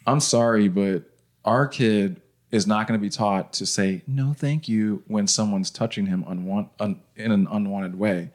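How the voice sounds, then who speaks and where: His voice is lowish and steady, a little slow. As co-host of an informal parenting podcast, he chats easily, laughs a lot, and keeps restarting his sentences.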